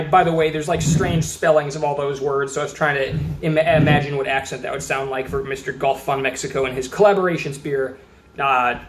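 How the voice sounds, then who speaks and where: Chatty man reviewing beer, roomy sound. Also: fairly high pitch. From Austin, Texas. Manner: chatty, rambling, reads labels aloud. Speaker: beer reviewer, channel host. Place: indoors at a table. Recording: roomy echo.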